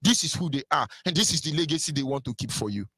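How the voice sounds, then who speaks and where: A man's voice: a little high, expressive, quick pace, fairly bright tone, breathy edge. A man with a Nigerian accent giving an impassioned live radio monologue, scornful and mocking, slipping into Igbo phrases. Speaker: radio broadcaster.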